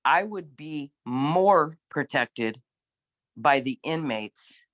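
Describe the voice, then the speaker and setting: Emphatic, animated man with a higher voice. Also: extremely slow, no room sound. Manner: emphatic, animated, laughs often. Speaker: former corrections nurse, guest. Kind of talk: casual storytelling in a discussion.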